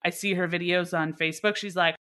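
Woman co-host, sarcastic and jokey, bright tone. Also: on the low side, fairly even intonation, fairly quick. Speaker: podcast co-host. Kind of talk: casual chat.

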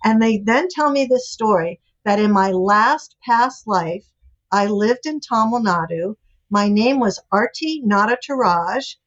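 Older woman guest, lively anecdotal storyteller, mid pitch, muffled audio. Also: a little slow. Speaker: guest, author and relationship expert. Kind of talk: storytelling in a podcast interview. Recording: dull lo-fi audio.

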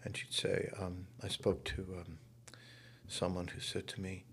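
A man's voice: deep voice, monotone, measured pace, creaky, a little hiss or hum. A man, a guest interviewed at his home, telling stories in a reflective, emphatic way. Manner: emphatic, shifts from hushed to loud. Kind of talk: reflective storytelling.

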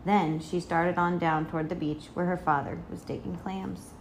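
A woman reading a children's picture book aloud in an expressive storytelling manner. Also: lowish voice, normal speed, slight background noise. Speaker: reader.

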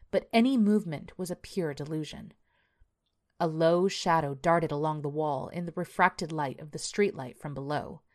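Low-voiced woman narrating horror.

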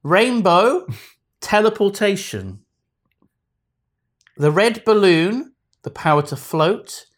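Guy cohosting a podcast, bouncy animated voice, jokey and playful. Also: high voice, slow, long pauses. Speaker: podcast co-host. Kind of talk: casual chat.

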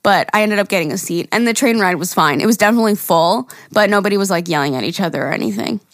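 A young woman tells a story on a podcast, acting out what people said and cursing casually. Her voice sits in a middle pitch and is recorded dry and close, with no room sound. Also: fast, no echo. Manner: animated storyteller, acts out quotes, swears freely. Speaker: podcast co-host. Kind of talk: casual chat.

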